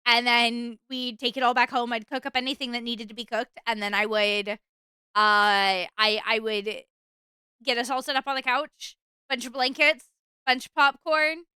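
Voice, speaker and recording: A young woman streamer chatting casually with her viewers, rambling and animated. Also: a little high, moderate pace, clear, resonant tone, dry recording. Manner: chatty, rambling, animated, with fillers and bursts of exasperation.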